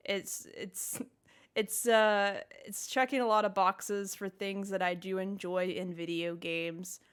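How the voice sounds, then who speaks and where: A woman's voice: medium pitch, flat delivery, takes it slowly, clear, resonant tone. A woman co-hosting a gaming podcast in casual chat, rambling and jokey as she drifts into tangents. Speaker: podcast co-host.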